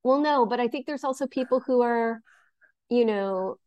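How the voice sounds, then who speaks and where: A woman's voice: on the high side, moderate pace, muffled recording. A woman co-hosting a podcast in casual chat. She is easygoing and agreeable and laughs along with her partner. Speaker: podcast co-host.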